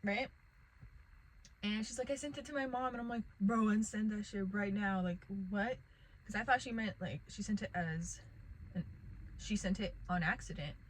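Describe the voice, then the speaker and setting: A woman's voice: medium pitch, normal speed, rough recording. A young woman telling a rambling casual storytime vlog to the camera, packed with "like" and fillers. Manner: rambling, filler-heavy, lots of "like".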